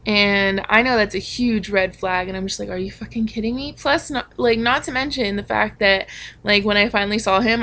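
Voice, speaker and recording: Her mid-range voice comes across pushed and bright. A young woman vlogging candidly, she recounts a personal story frankly and confessionally, cursing freely and leaning on filler like um and like.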